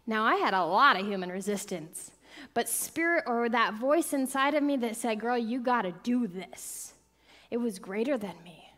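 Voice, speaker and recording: A middle-aged woman minister delivers an inspirational sermon in a somewhat high voice. She tells her story with dramatic contrasts, sinking into soft whispers and then surging into bright, excited emphasis. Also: normal speed. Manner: dramatic swings from hushed whispers to excited, loud bursts.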